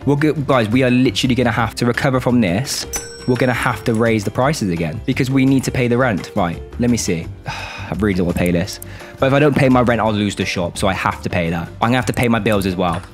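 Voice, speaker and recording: A young man commentates his way through a shop game, switching from squeaky disbelief to low, grumbling despair. His voice leaps all over the place, and faint music plays underneath. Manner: excitable, exasperated, swings between high outbursts and low grumbles. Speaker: gaming YouTuber.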